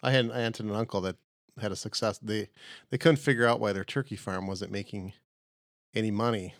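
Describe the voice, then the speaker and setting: A man co-hosting a comedy podcast with a somewhat low voice. He rambles in a loose, joking way, and the close mic leaves the sound dry. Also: fairly even intonation, fairly quick, dry recording. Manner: rambling, jokey, easygoing talk with playful tangents. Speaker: podcast co-host.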